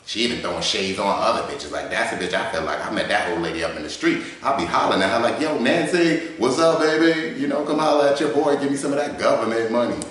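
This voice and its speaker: A man's voice: mid-range voice, expressive, fast talker, hardly any pauses, fairly bright tone, lightly acted. A man voicing a swaggering, profane male debater who talks in heavy street slang, recorded in a garage. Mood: brash, cocky. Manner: heavy street slang, constant swearing, cocky. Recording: echoey garage.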